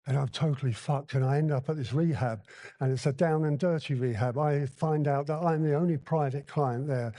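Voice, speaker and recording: A man's voice: fairly high pitch, moderate pace, warm tone, no room sound. A man sharing his recovery story at a convention, telling it bluntly and candidly and acting out the dialogue. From Hong Kong. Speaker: recovery meeting speaker. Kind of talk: personal recovery share at a convention. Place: convention hall.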